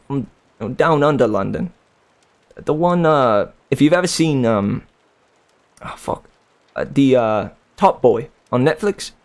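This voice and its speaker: A man in his twenties who reads books aloud on a livestream, chatting casually with viewers in a rambling, slangy way and laughing often. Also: on the high side. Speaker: livestream book reader.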